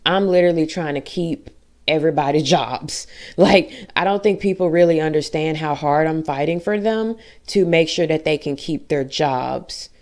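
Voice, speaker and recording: A woman's voice: low-pitched, normal speed, darkish tone. A young adult woman telling a personal story in a casual, emphatic, venting way, full of slang. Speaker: vlogger.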